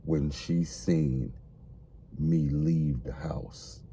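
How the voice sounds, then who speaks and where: A man's voice: very deep voice, fairly even intonation, drawn-out words, dark tone, breathy edge. A man co-hosting a casual podcast conversation, speaking earnestly and repeating phrases as he explains. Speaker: podcast co-host.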